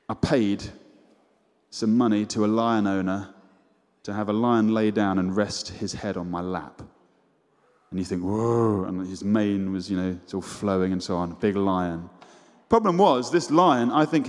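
A man preaching a sermon, telling stories earnestly and dropping to a low hush at the end. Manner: storytelling, earnest, drops to a low hush at the close. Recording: echoey hall reverb.

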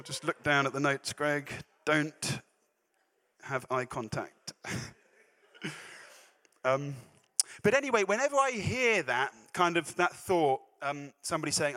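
A man's voice: on the high side, sing-song, measured pace, sharp tone. Chatty man preaching in a hall. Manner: self-deprecating, chatty asides with laughs. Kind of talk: sermon. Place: church hall. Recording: echoey hall reverb.

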